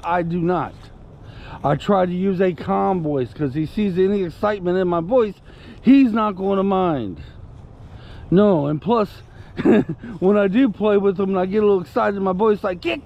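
A man's voice: high voice, creaky, darkish tone, dull audio, slight background noise. A man telling a story casually to camera, indignant and rambling, breaking off to give commands to his puppy. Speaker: vlogger.

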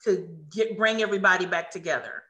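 Excited woman running a live webinar on a video call, crisp bright voice, lots of restarts. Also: lowish voice, quick pace. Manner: excited, effusive, many restarts. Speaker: webinar host.

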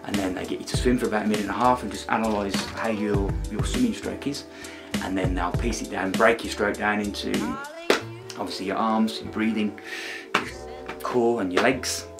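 A man's voice: fairly low pitch, fairly even intonation, a little fast. A middle-aged man from Birmingham, chatting casually in a dry, teasing way as the vlogger's father. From Birmingham, England. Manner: dry, teasing, explaining at length. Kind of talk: casual chat. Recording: music playing behind.

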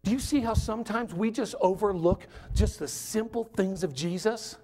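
Guest preacher guy, pretty high voice, animated and jokey, chatty sermon. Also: moderate pace. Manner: animated, joking, conversational.

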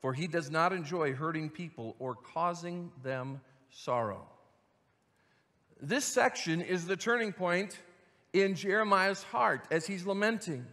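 Bright-voiced pastor preaching in a hall. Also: male voice, high voice. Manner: earnest, reads scripture with rising intensity. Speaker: senior pastor. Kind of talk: sermon with scripture reading.

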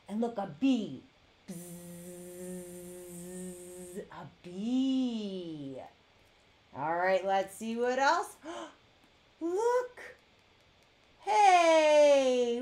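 A young woman with a high, bright voice talks very slowly to toddlers. Her pitch leaps all over, and she fills her talk with big gasps and playful animal noises. She sounds like a children's learning show host.

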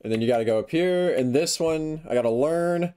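A man's voice: on the high side, a little fast. Young guy yapping over his gameplay, jumpy and self-roasting, bit of music under it. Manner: excitable, self-mocking, yelps when failing. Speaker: gaming YouTuber. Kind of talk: casual gameplay commentary. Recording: faint music behind.

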